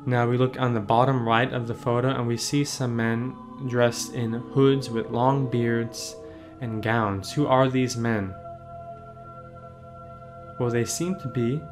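A man, a priest, leading a catechism meditation on a painting, gently asking the listener questions and answering them. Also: mid-range voice.

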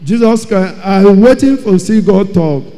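A man giving an emotional church testimony, telling his story dramatically and repeating phrases, his loudness rising and falling. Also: high voice, animated, unhurried. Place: large church hall. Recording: long hall reverb.

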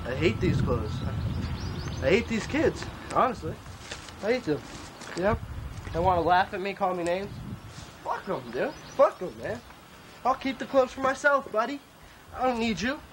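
A clothing designer in a comic mock-documentary, delivering a rambling, profane rant outdoors by his tent, calling everyone "man" and "bro". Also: sits high. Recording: noisy outdoor recording.

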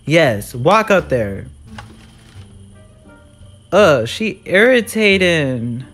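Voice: medium pitch, expressive, unhurried, fairly bright tone, soft background music. A gamer giving live commentary on a horror game, jumpy and sassy, shrieking when scared and talking back to the villain. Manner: frightened shrieks and repeated exclamations.

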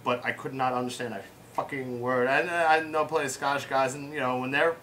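A man's voice: mid-range voice, fairly even intonation, a little fast, bright, forceful tone, a little hiss or hum. An American man hosting a casual chat, rambling through anecdotes with plenty of fillers. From United States. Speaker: host. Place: home room with pets.

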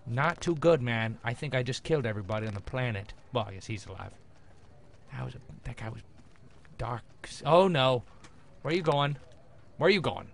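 A man's voice: mid-range voice, lively intonation, brisk, gravelly, pauses often. A young man commentating his gameplay in a jokey, rambling way with frequent exclamations. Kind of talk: let's play commentary.

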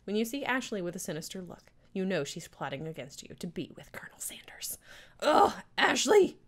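A woman streaming a dating game, reading it aloud with sarcastic asides, frequent giggles and loud reactions. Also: fairly low pitch, lively intonation, fast talker.

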